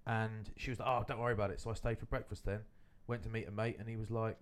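A man's voice: on the low side, flat delivery, quick pace. A man, hosting a podcast and telling rambling stories in casual chat. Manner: rambling anecdotal storytelling. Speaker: podcast host.

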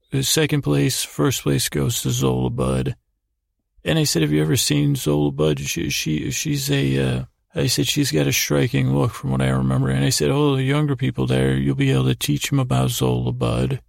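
A man hosting a podcast, telling a rambling improvised sleep story in a low-key, drowsy way, trailing off and repeating himself as he goes. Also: vocal fry, darkish tone, no echo, clean studio sound. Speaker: podcast host.

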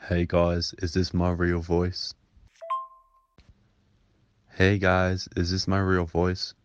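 A young man sending in three takes of his voice, one in a put-on Scottish accent, with a very low voice. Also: monotone, slow pace, muffled recording, a little hiss or hum. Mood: playful.

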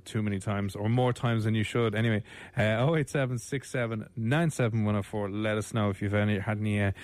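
A man's voice: on the low side, steady tone, a little fast, a little mellow, no echo. An Irish man hosting a radio show, chatting casually with lots of fillers and restarts. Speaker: radio host. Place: radio studio. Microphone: studio mic.

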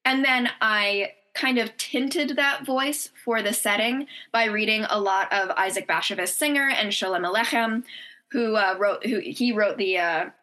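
A woman's voice: medium pitch, a little slow, bright, forceful tone. A woman author chatting enthusiastically in an interview, with frequent fillers. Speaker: novelist guest. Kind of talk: casual interview chat.

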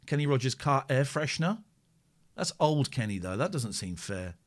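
A man's voice: medium pitch, very animated, normal speed. A man hosting a casual live stream, rambling playfully and talking to himself as he clicks through tasks. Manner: rambling, playful, talks to himself while working. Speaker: streamer and radio-style host.

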